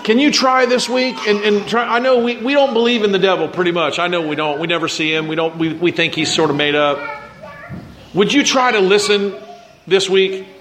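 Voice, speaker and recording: Man, pastor, sermon, slightly high voice, conversational, asks questions, faint background noise. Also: brisk, a bit bright. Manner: acts out quoted voices, repeats words when starting sentences. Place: church.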